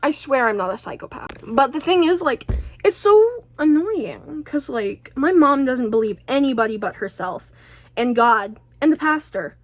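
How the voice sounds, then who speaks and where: Speaking at normal speed in a fairly high, expressive voice, this woman vlogger delivers a casual, rambling monologue. She's chatty and pokes fun at herself, stuttering and restarting often.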